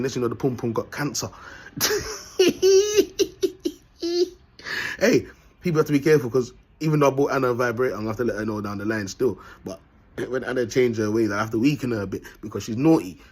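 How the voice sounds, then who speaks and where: Guy ranting to camera, husky voice, loads of slang, laughs a lot. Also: lowish voice, rapid-fire, a little mellow. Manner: rambling and blunt, heavy street slang, laughs often. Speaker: vlogger. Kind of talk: casual monologue to camera.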